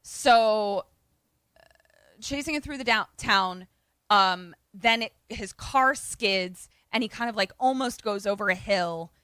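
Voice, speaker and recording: A woman co-host recapping a film in loose, casual podcast chat. Her tone is bright and forceful, and the sound is close and dry. She talks animatedly, swears freely and slips into the characters' lines. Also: medium pitch, takes it slowly, smooth, dry recording. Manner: animated, profane, acts out voices.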